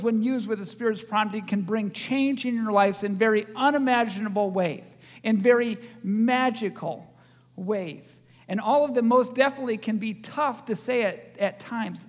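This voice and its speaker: A high-pitched male pastor preaching in a church with a long, ringing reverb. He teases the congregation and tosses questions at them as he goes. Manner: joking, audience-engaging preacher. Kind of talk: sermon.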